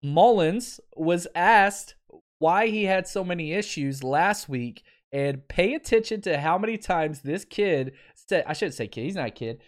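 A man's voice: high voice, animated, a little slow. Wry, laughing man in his thirties. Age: 30s. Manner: wry, laughs often, exasperated. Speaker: sports podcast host. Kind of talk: casual sports commentary.

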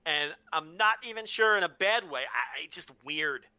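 A man's voice: a little high, expressive, moderate pace, pushed and bright, no echo. A man co-hosting a casual podcast, telling stories frankly, swearing freely and restarting with repeated words. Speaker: podcast co-host. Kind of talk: casual wrestling podcast chat.

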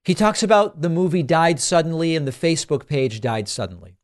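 A man's voice: on the high side, a little fast. Emphatic male political talk host. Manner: emphatic, exasperated, searching for words. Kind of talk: political commentary.

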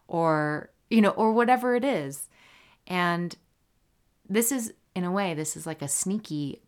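Low-voiced woman hosting a podcast. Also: gravelly. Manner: animated, playful, jumps into silly voices, soft whispery asides. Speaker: podcast host. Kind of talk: casual solo podcast talk.

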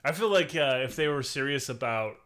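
A man's voice: medium pitch, lively intonation, a little fast, fairly bright tone. A man co-hosting a podcast, joking, swearing and laughing a lot in casual movie chat. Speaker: podcast co-host.

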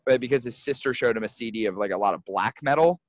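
Excitable swearing podcast host. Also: male voice, medium pitch, fast, no room sound, muffled recording. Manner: excitable, profane, rambling with restarts. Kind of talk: casual chat.

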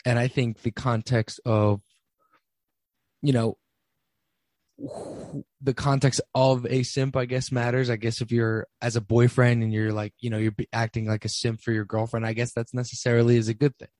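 A man's voice: mid-range voice, level tone, moderate pace, a little mellow, dry recording. A young man in his twenties hosting a casual solo podcast, talking with many ums and restarts. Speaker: podcast host.

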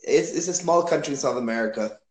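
A man from Chile hosting a casual chat, easygoing and quick to laugh. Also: mid-range voice, expressive. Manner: easygoing, laughs often, asks questions. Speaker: podcast host. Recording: echoey room.

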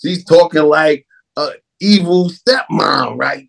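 A man who directs films, talking in a casual interview in an emphatic, animated way. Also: on the high side, normal speed, creaky. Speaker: film director.

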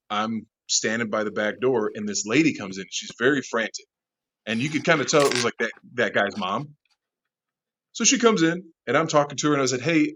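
Animated man telling a bar story. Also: medium pitch, dull audio. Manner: animated, laughing, swearing often. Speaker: interview guest, bar manager. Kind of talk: casual storytelling.

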